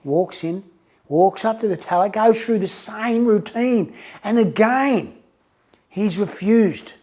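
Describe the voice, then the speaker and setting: A man, a success coach, telling a story in a casual, animated way with frequent restarts. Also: sits high, slow pace. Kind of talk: motivational storytelling.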